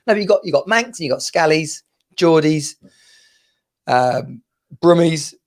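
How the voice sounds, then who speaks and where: Chatty and prone to laughter, a UK podcast host in his thirties wanders through stories during a casual conversation. His voice is a little high, his intonation lively, and his pace measured.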